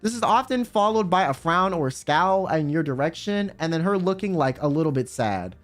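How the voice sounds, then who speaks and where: Young male streamer, high and expressive, comedic and profane, light background music. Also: a little fast. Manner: animated, profane, joking. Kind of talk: casual comedic commentary.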